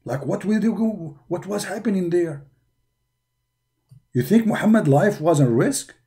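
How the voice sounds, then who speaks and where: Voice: medium pitch, expressive, a little slow, pauses often, mellow. A commentator speaking in a sarcastic, questioning way. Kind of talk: mocking commentary.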